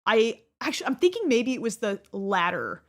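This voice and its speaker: A young YouTuber hosts her channel, rambling through casual commentary on her old videos, often restarting sentences and laughing as she goes. Her voice is high and sing-song, at a moderate pace.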